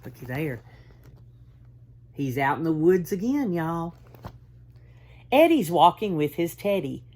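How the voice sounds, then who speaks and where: A woman's voice: sits low, takes it slowly, long pauses. A woman kindergarten teacher, reading a picture book aloud and talking directly to young children. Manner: warm, animated, talks directly to kids. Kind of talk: storybook read-aloud for children.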